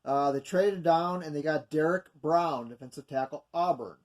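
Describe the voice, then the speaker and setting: A man's voice: fairly high pitch, normal speed, a little mellow. A man casually going through mock draft picks from his notes, rambling with many fillers and self-corrections. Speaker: video host going over mock drafts. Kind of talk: casual unscripted commentary.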